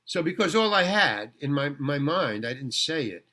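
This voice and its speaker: An older man from New York spins a rambling story, stopping and restarting and acting out what others said to him. His voice is bright and forceful, and it sits a little high for a man. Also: moderate pace. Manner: rambling, animated, full of restarts and acted-out quotes. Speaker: guest actor. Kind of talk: casual storytelling interview.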